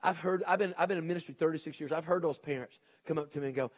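A middle-aged male pastor preaching a sermon, swinging between shouted emphasis and hushed intensity. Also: a little high, racing, hardly any pauses.

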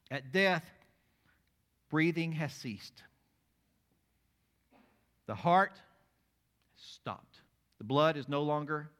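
Dramatic male preacher with hushed and loud swings. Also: medium pitch. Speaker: pastor. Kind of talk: sermon.

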